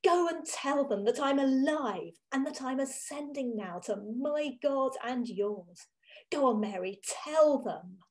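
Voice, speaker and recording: A woman voicing a gentle, calm adult man, a kind teacher, speaking softly within a dramatic monologue. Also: sits high, slow pace. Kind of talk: first-person dramatic monologue.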